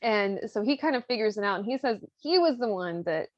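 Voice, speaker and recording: A woman's voice: medium pitch, expressive, brisk, no room sound. Woman chatting loosely, lo-fi and dry. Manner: loose and profane, peppered with "like". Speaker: podcast host. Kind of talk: casual chat retelling an opera plot.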